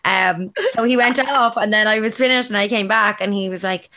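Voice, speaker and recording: A young Irish woman co-hosting a casual dating podcast, her voice a touch raspy after a night out. She rambles cheerfully and laughs between sentences, sitting at a middling pitch. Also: moderate pace, sharp tone. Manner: chatty, rambling, laughs often. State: slightly raspy and hungover. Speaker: podcast co-host. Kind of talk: casual chat.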